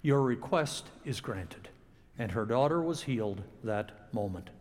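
A man preaching a sermon to a congregation, with dramatic pauses and expressive delivery. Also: medium pitch, in a large hall. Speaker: pastor. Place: church sanctuary.

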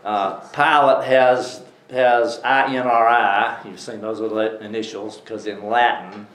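Teaching a Bible study, this man keeps things conversational, quizzing the class along the way and restarting himself often. He has a lowish, fairly bright voice with a steady tone and a measured pace, recorded in an echoey room.

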